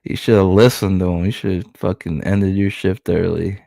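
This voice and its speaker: A man's voice: deep voice, fairly even intonation, moderate pace, gravelly, dark tone, no room sound. A man streaming as he reads through a comic book, with laid-back commentary and casual swearing. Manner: laid-back, swears freely, chuckles at credits.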